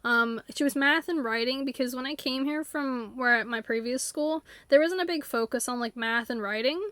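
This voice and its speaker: A woman streamer chats casually while live-streaming a game, rambling with plenty of fillers and slipping into silly voices. Her voice sits high and a bit bright at a moderate pace, picked up without echo by a desktop USB mic.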